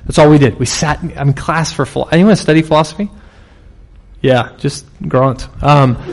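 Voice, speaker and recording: Gravelly conversational male preacher. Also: on the high side, moderate pace, darkish tone. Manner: conversational, storytelling preacher with sudden bursts of emphasis. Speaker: pastor. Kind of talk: sermon.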